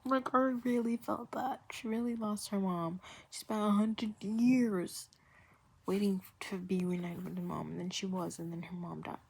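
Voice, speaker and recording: A woman's voice: mid-range voice, fairly even intonation, normal speed, creaky, a little mellow, slightly rough. A woman chatting casually as a vlogger reviewing a TV series, rambling and repeating phrases for emphasis. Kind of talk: casual chat.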